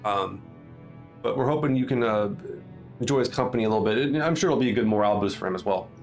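A man's voice: on the low side, quick pace, faint music behind. A man narrating as game master of a tabletop role-playing game, talking loosely with many fillers and restarts.

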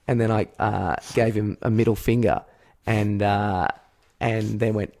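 Australian male podcast co-host, low gravelly voice, lively storyteller who acts out his shouts. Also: moderate pace. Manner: animated storytelling, acts out shouts, swears freely. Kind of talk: casual comedic chat.

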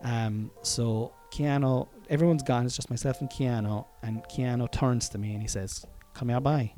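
Frank, mellow-voiced Irish man. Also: medium pitch, steady tone, moderate pace, soft background music. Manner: frank and profane, often chuckling, rambling asides. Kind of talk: casual personal storytelling monologue.

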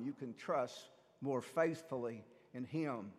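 A man, a priest, giving a sermon in a conversational, animated way, asking the congregation rhetorical questions. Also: mid-range voice, slow pace, few pauses. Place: church. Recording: long church reverb.

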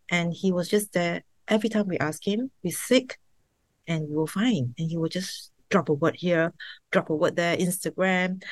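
A woman's voice: low-pitched, dry recording. A woman from Singapore telling an emotional, heartfelt personal faith story as an interview guest. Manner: emotional, heartfelt, sometimes laughing and tearful. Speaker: interview guest, server founder. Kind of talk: personal testimony.

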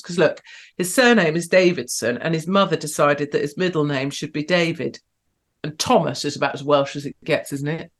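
A woman hosting an online show, giving provocative, sarcastic commentary and talking to her live chat. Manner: provocative, sarcastic, big swings in pitch and loudness.

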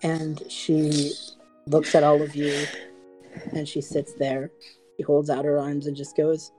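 A woman narrating a tabletop game as game master, animated and swearing as she tells the story. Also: low-pitched, slow, faint music behind, low-quality recording.

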